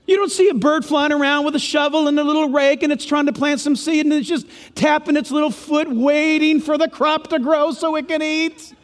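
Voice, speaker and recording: A pastor with a strikingly high voice preaches in a big hall, and his words ring out with a long echo. He mixes scripture with jokey, animated asides. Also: fairly quick, few pauses. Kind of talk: sermon.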